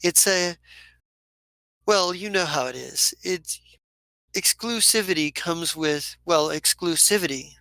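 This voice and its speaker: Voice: medium pitch, slow pace, long pauses, bright, forceful tone, no echo, low-quality recording. A game master voicing a snobbish elf woman who speaks primly and hesitantly.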